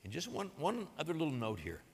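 A man's voice: fairly high pitch, wildly swooping pitch, fast. Earnest male pastor in a reverberant hall. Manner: earnest preaching, retells a parable with acted quotes. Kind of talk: sermon.

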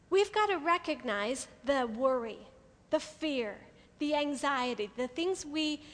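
A woman giving a sermon to a room of women, lively and playful, acting out everyday inner voices. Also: high voice, big-room sound. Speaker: women's ministry speaker. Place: hall with an audience.

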